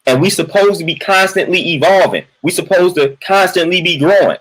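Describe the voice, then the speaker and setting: A man's voice: a little high, lively intonation, normal speed, husky, low-quality recording. A man venting in a casual livestream monologue. He repeats his points emphatically, keeps tagging lines with "man" and greets viewers from the chat in between. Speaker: livestream host.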